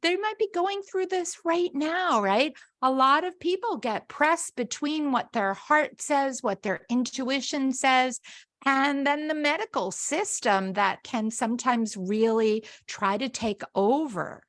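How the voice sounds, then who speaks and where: A woman hosting a podcast who gently affirms her guest and invites her to go deeper. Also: lively intonation, takes it slowly, no echo. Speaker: podcast host. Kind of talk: supportive interview.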